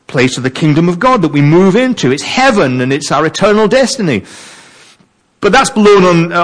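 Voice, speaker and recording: A man preaching a sermon, reading verses and wondering aloud over their meaning. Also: a little high. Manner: animated, wondering aloud, mixes reading with asides.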